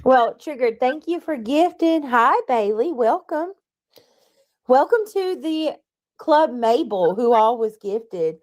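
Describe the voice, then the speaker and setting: A woman's voice: high voice, animated, slow pace, darkish tone. A woman hosting a livestream, chatting casually and reading out her viewers' comments as she greets them. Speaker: livestream host.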